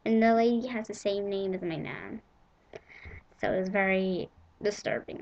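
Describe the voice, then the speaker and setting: Brief: bubbly female vlogger, higher-pitched voice, dull lo-fi home-video sound. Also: a little fast, a little hiss or hum. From England. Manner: chatty and excitable, rambling with giggles. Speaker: vlogger showing a shopping haul. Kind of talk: casual chat to camera.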